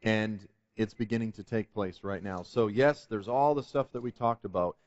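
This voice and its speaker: A man's voice: on the low side, normal speed, a little mellow, no room sound, dull audio. A man telling a testimony story as a guest on a Christian talk show, earnest and building to emphatic preaching. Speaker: guest speaker.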